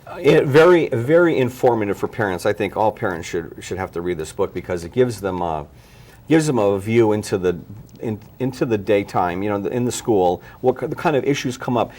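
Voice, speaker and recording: Hosting a parenting talk show, a man speaks in a fairly low, slightly dark voice that is brisk and expressive. He thoughtfully sums things up and frames questions for his guest, often restarting and using fillers as he does.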